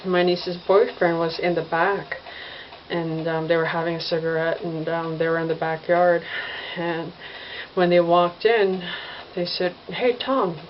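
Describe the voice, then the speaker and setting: A woman, a mother, telling a ghost story in casual speech to a propped-up camera at home, halting with many fillers and restarts. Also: lowish voice, level tone, highs cut off, a little hiss or hum. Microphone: phone or camera propped up, no tripod.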